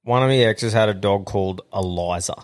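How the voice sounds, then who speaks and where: A man's voice: fairly low pitch, fairly quick. A man hosting a podcast in casual, laughing chat. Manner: laughing, animated, swearing. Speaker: podcast host.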